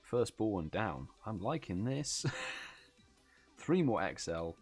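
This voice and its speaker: British male streamer, deep voice, tired, laid-back chat to viewers. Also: big pitch swings, slow pace, darkish tone, slightly rough, faint music behind. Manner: chatty, reads out chat messages, yawns and laughs. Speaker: livestream host. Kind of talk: casual live stream chat.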